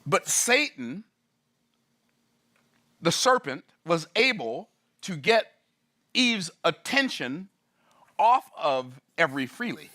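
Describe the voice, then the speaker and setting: A man teaching in a sermon style, animated and playful, asking his audience rhetorical questions. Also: on the high side, takes it slowly, pauses often. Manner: animated, playful, acts out voices and laughs at his own jokes. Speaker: business teacher.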